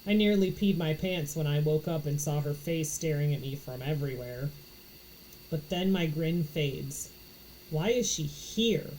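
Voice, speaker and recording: A woman's voice: sits low, measured pace, a little mellow, slight background noise, poor audio. A woman from Florida reading a novel aloud, narrating in first person with expression. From Florida, USA. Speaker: audiobook reader.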